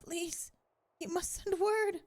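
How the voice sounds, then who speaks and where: A woman voicing a desperate ally who urgently begs for help in a hushed voice, reading game lines aloud. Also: very high-pitched, fairly even intonation, slow pace, pitched above the performer's own voice. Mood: pleading.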